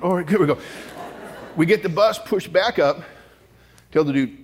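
A man preaching a storytelling sermon to a large audience, animated and comic, rising to shouts at the high points. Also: moderate pace, slight background noise. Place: large church auditorium before an audience.

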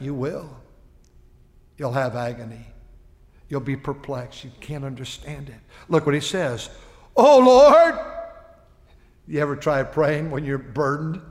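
An older man preaching a sermon to his church, impassioned, swinging between quiet confiding and loud pleading. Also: medium pitch. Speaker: pastor. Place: church sanctuary. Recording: long reverb of a church hall.

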